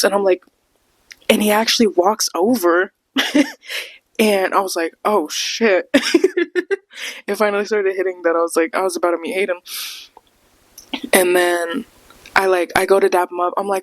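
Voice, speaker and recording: Animated young woman telling a story. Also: lowish voice, normal speed, long pauses, no echo. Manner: animated, laughs often, acts out quotes. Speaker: podcast host. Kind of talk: casual storytime chat.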